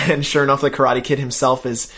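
A man in casual podcast chat, retelling scenes with lively quoted voices. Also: mid-range voice, fairly quick. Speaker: podcast co-host. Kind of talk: casual chat recapping a show.

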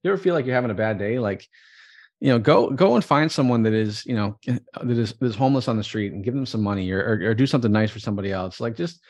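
Fast talking guy on a podcast, rambly, tons of likes and you knows, upbeat. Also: medium pitch, a little mellow. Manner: rambling, many fillers and restarts, upbeat. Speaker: guest entrepreneur. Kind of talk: interview conversation.

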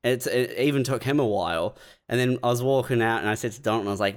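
A man's voice: medium pitch, fast. A man co-hosting a comedy podcast, telling laid-back, sweary stories. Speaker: podcast co-host. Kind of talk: casual comedy podcast banter.

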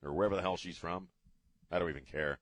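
Middle-aged guy on talk radio, low voice, sarcastic rant, dry studio sound. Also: fast talker, no echo. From United States. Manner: sarcastic, ranting, swears casually. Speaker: radio talk show host. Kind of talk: opinionated talk radio monologue. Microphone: studio broadcast mic.

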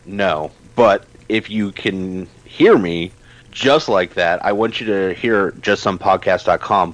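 Animated low-voiced man ranting on a podcast. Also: dry recording, low-quality recording. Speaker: podcast co-host. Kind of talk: casual podcast chat.

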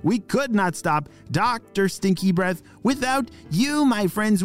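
A man hosting a children's podcast, narrating bedtime stories in an upbeat, animated way. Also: high voice, slow, hardly any pauses, faint music behind. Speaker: children's podcast host and storyteller.

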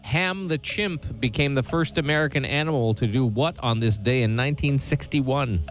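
A man's voice: mid-range voice, moderate pace. A married man co-hosting a radio show, joking and easygoing, who also reads out quiz questions. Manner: joking, easygoing, animated delivery. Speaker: radio co-host and quiz reader. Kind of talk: casual radio banter.

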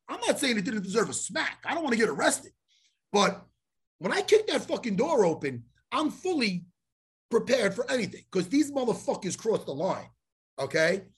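Husky man, lively swooping delivery, profane casual storyteller who plays out every exchange. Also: very high voice.

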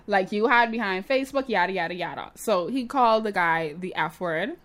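A woman hosting a casual chat, commenting with animated indignation and mocking quotes. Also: medium pitch, a little fast. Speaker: podcast host.

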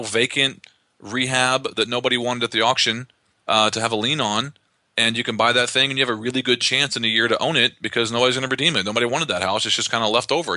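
Fast-talking, bright-voiced male investor. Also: medium pitch, no room sound. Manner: fast, animated explainer with frequent restarts. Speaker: real estate investor guest. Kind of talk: conversational podcast interview.

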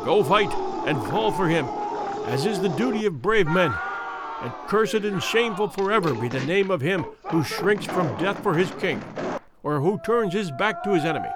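A wary old general stirs his warriors before battle, as a male reader puts him on. The voice is slow, loud and declaiming, higher than most men's, and at times it rises to a shout. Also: heavy background noise.

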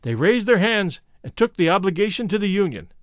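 A man reads a first-person memoir aloud with dramatic expression. His voice sits high for a man and swings widely in pitch as he leans into the story. The sound is dry and close, with no room around it. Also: fairly quick, dry recording. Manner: expressive, shifts to stirring emphasis. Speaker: reader.

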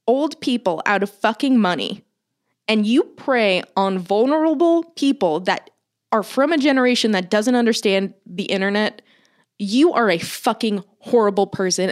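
A woman in her thirties, co-hosting a podcast, telling a long story in casual chat and swearing freely. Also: medium pitch. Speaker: podcast co-host.

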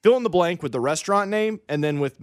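A man's voice: fairly high pitch, fast talker, clean tone, no room sound, studio quality. A man hosting a radio show, telling stories in casual banter and mimicking people calling out. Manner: animated storytelling, mimics shouted calls.

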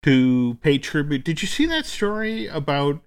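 A man co-hosting a chat show, telling a story at length in a halting, conversational way with many restarts. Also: a little high, very animated, clean tone. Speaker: podcast co-host. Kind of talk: casual chat.

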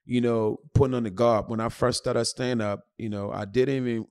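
A middle-aged comedian from Ghana, hosting a casual podcast chat and telling animated stories. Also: male voice, mid-range voice, moderate pace, clean tone. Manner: animated storyteller, loud when joking.

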